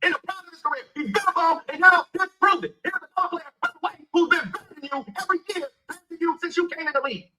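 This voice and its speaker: A man's voice: very high voice, fast talker, few pauses, sharp tone, low-quality recording. A man, ranting angrily and profanely about basketball. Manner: heated, profane, emphatic. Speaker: sports commentator. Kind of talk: angry rant.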